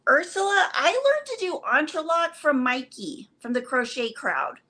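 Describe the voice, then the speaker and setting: Chirpy woman w/ a high bouncy voice, says hi to everyone in chat. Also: big pitch swings, measured pace, sharp tone. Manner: bubbly, greets chat viewers by name. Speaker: co-host of a crochet livestream. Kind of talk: casual chat, greeting live viewers.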